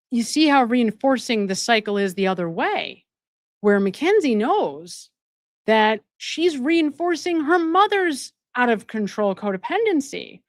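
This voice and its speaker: A woman's voice: mid-range voice, dry recording, studio quality. A woman hosting a live stream. She reads out viewer donations and gives commentary, repeating phrases for emphasis. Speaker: host and addiction counselor.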